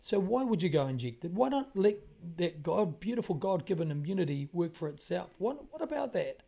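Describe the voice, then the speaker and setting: A high-pitched, gravelly, warm voice belongs to a New Zealand man hosting his own commentary broadcast. Animated and a little fast, he delivers an emphatic monologue on current events, repeating phrases for effect.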